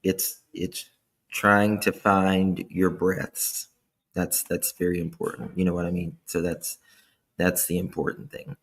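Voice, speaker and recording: A tired man hosting a casual live stream from indoors, warmly thanking chat viewers through his laptop microphone. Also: sits low, monotone, unhurried. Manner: warm, effusive thanks to chat members. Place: indoors at home. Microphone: laptop camera mic.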